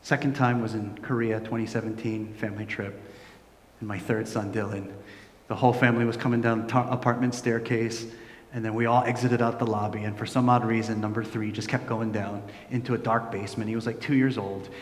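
A middle-aged man delivers a sermon from the pulpit, acting out the voices in his stories. He drops to a quiet, hushed tone when he turns reflective. His voice rings through a large hall with a long, roomy reverb. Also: fairly low pitch, fairly quick. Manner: animated storytelling, acting out quoted voices. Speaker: pastor.

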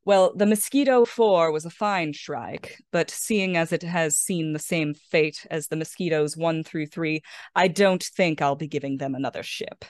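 A cool pirate queen, put on by a woman, who takes her time with every word and talks soft and sly. The voice sits very low and sounds dry and close, with no room around it. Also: a little slow, no echo. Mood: cool, commanding. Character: calm commanding female pirate queen.

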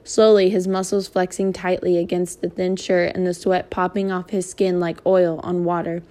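A woman reading a novel aloud in a steady, even manner. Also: fairly low pitch, normal speed. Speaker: reader.

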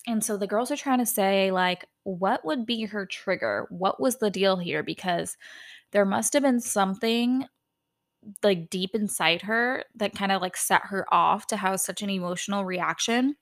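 At a normal speed and medium pitch, a woman recaps a reality TV episode on her solo podcast. It's a casual, chatty recap full of giggles and "like."

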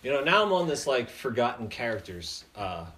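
A man's voice: mid-range voice, sing-song, moderate pace, a bit bright. A man co-hosting a comedy podcast, riffing in a joking, profane, casual way. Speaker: podcast co-host.

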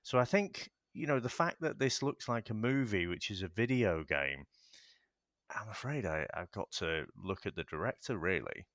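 A man's voice: lowish voice, animated, normal speed, a bit bright, no echo, clean studio sound. A man with a Northern English accent, co-hosting a podcast in laid-back, wry film chat. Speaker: podcast co-host. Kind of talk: casual film review chat.

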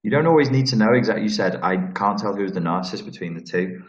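A man's voice: on the low side, lively intonation, quick pace. A man with a Scouse accent hosting a live question-and-answer stream, blunt and profane, rambling with restarts. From Liverpool, England. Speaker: channel host answering viewer questions. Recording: roomy, dull lo-fi sound.

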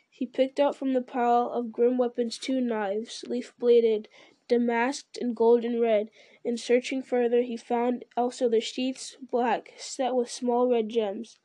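Woman reading a story in a flat voice. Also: fairly high pitch, measured pace. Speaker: reader. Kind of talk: storybook narration.

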